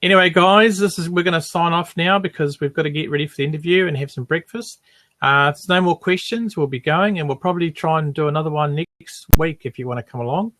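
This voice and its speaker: A man from New Zealand co-hosting a beekeeping podcast, upbeat and chatty with quick affirmations. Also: fairly high pitch, fairly bright tone, no echo. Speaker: podcast co-host. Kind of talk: casual live Q&A chat.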